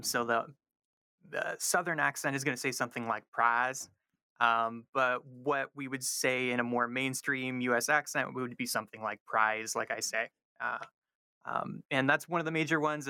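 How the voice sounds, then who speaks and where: Male professor guest, bright clear voice, dry close mic, measured explaining with ums. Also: medium pitch, no echo. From North Carolina. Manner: frequent ums, careful explaining. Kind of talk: explanatory interview answers.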